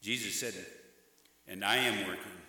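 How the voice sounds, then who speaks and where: A man's voice: lowish voice, moderate pace, sharp tone. A middle-aged man preaching a sermon, emphatic and rhythmic, repeating phrases for weight. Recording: echoey hall with long reverb.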